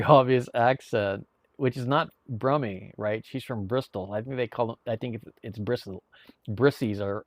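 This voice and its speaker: A man's voice: mid-range voice, dry recording. A man chatting casually to viewers on a live stream, rambling, with many restarts and repeated words. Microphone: streaming mic.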